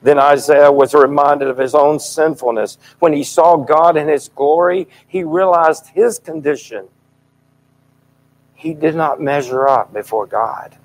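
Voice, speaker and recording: A middle-aged man preaching a sermon in a fervent, emphatic style, his voice swelling loud at key points. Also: fairly high pitch, a little slow, low-quality recording.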